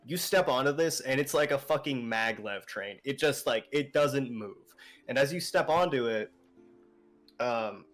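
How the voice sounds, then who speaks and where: A man's voice: mid-range voice, lively intonation, unhurried, a bit bright, soft background music. A young man narrating a tabletop game as game master, casual and rambling, with swearing.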